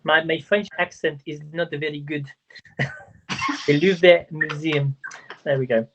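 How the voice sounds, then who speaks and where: A man's voice: on the high side, unhurried. A man hosting a livestream quiz, chatty and stumbling over words as he counts up scores. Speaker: quiz host. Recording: dull lo-fi livestream audio.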